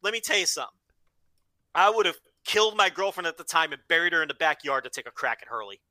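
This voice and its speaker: A man co-hosting a podcast in casual chat, animated and profane, often slipping into quick impressions. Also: on the high side, no room sound. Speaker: podcast co-host.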